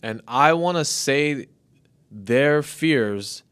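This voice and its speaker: A man's voice: mid-range voice, animated, drawn-out words, a bit bright, clean tone, no echo. A man in his thirties co-hosting a podcast, explaining ideas in loose, restarting phrases. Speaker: podcast co-host. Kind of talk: casual podcast chat.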